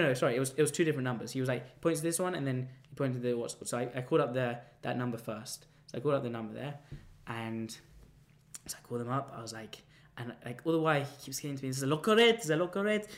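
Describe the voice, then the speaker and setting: A young man telling a casual anecdote, rambling and halting with many restarts and fillers. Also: mid-range voice. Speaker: storyteller.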